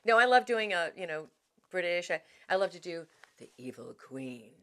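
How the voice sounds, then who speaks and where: Middle-aged lady voice actor, slightly low voice, chatty, keeps restarting sentences, pokes fun at herself. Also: a little fast, a bit bright, clear, resonant tone. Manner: chatty, self-deprecating, restarts often. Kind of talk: interview answers.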